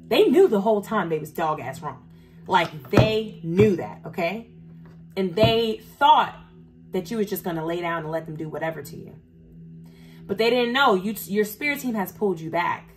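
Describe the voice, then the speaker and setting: A woman at mid pitch works through a casual tarot reading, addressing her viewers directly. She is blunt and profane, and she grows emphatic and fired up as she goes. Soft music sits faintly underneath her voice. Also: lively intonation, moderate pace, pauses often. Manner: gets heated and emphatic. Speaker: tarot reader. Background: faint background music.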